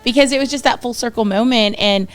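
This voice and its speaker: A woman in her thirties with a Texan accent sits as a guest on a podcast and tells her story with animated energy, switching into the voices of the people she quotes. Her voice sits a little high and comes through smooth and clear. Faint music plays quietly underneath. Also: fast talker. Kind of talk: casual storytelling interview.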